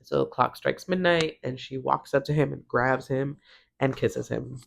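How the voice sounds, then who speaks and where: A woman's voice: rumbling low, moderate pace, gravelly. A woman recapping a TV episode in a casual, chatty way, using "like" often and briefly acting out the characters' lines. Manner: chatty, heavy use of "like", acts out characters' lines. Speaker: TV recap vlogger.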